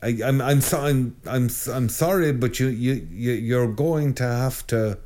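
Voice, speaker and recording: A middle-aged man, a priest hosting his own show, giving an informal spiritual talk in an animated, joking way with frequent restarts and stammers. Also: mid-range voice, a little slow.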